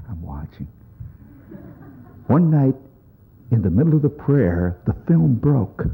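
A man spins a rambling, wry comic monologue for an audience. He talks conversationally with a husky voice at a middling pitch. The sound is thin and phone-like, like an old lo-fi recording. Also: sing-song, a little slow, long pauses. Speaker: storyteller performing to an audience.

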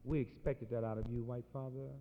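A proud, defiant native man, as a man puts him on, speaking low, quiet and slow in clipped, measured phrases. His tone is grave and steady. The recording is dull and lo-fi, echoing in a large hall. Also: slight background noise, close to an everyday voice.

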